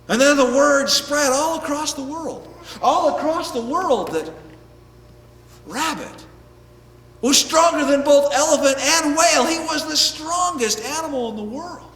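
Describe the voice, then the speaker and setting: A man telling an animal folk tale to an audience in a lively, playful way. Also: extremely high pitch, normal speed, slight background noise. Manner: lively, playful, shifting voices for characters. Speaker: storyteller. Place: festival stage. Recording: echoey hall, mic at a distance.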